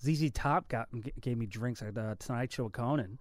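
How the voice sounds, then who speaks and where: A man in casual comedic chat as a podcast guest, laughing often and tossing in quick comic asides. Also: medium pitch, no echo.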